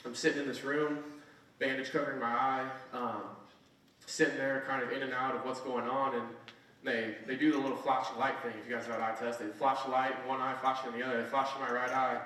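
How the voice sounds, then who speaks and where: A young man in his twenties speaks to a conference audience in a casual, earnest storytelling manner, tossing in "right?" as he goes. His mid-pitched voice sounds far from the microphone, carried by a big, echoing hall. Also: fairly even intonation, a little fast, pushed and bright. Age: 20s. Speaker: keynote speaker.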